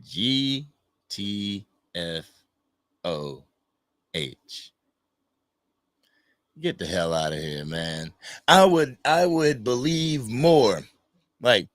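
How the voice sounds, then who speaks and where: A man's voice: fairly low pitch, very slow, long pauses, no room sound. A man hosting an unscripted fan livestream, talking casually and greeting viewers from the chat. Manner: casual, animated, reads chat names aloud. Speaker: livestream host.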